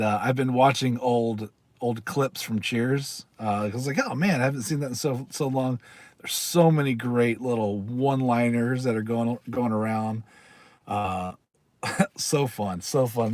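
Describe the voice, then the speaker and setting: Chatting with his viewers on a casual livestream, a man rambles, reads aloud and laughs a lot. His voice is medium-pitched, recorded without any room sound.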